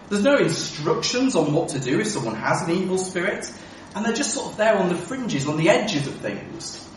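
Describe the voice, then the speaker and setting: A man's voice: fairly high pitch, a little hiss or hum. A man preaching a sermon, emphatic and full of rhetorical questions. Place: church. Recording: echoey church from a distance.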